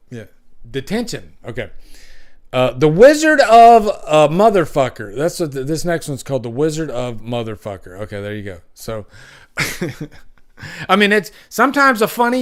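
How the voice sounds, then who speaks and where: A man hosting a casual livestream, rambling and chuckling often as he reads out jokes. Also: fairly high pitch. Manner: wanders between loud and hushed. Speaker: livestream host. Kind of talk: casual live chat.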